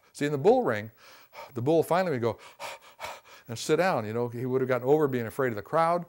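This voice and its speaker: A man teaching a class on communication, folksy and conversational, often saying "see" and "you know" and acting out quick quotes. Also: mid-range voice, a little mellow. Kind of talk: classroom lecture.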